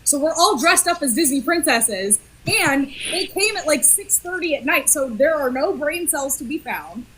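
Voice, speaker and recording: A woman with a high, light voice tells a salon story on a group live stream. She talks chattily and laughs often. Her delivery stays casual and unpolished. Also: animated, normal speed, hardly any pauses, fairly bright tone, poor audio. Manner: chatty, laughing anecdote-teller. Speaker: hairstylist and creator on a live stream. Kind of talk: casual chat.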